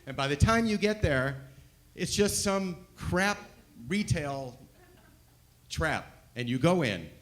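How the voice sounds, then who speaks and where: A male comedian telling a personal story on stage with a lively, wide-ranging voice. His delivery swings from loud, punchy bursts to quiet, dropped asides. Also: a little high, slow, pauses often. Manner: animated, swinging from loud to hushed. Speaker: stand-up comedian. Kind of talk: stand-up storytelling.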